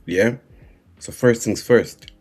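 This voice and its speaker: A man giving a live-streamed trading lesson, speaking slowly and repeatedly checking in with his viewers. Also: on the low side, darkish tone, soft background music. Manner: unhurried, repeating "right?" and "guys" to the chat. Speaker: trading instructor.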